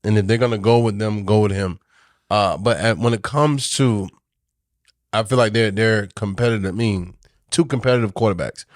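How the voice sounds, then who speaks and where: A man's voice: fairly low pitch, normal speed, dry recording, studio quality. A man co-hosting a podcast in casual sports chat, rambling, restarting his sentences and often repeating himself. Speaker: podcast co-host.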